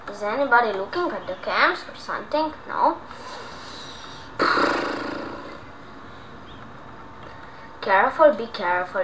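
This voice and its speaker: Young woman, high bright voice, unhurried, jumpy horror-game commentary with faint room hum. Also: poor audio. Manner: excitable, shouts and whispers under stress, talks to viewers. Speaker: gaming YouTuber.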